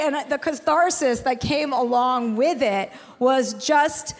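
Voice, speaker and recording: A woman in her forties tells stories frankly, with a good deal of profanity. Her voice sits a little high, and a long reverb from a large hall trails after her words. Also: slow pace. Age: 40s. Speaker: author guest on stage. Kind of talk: candid live conversation.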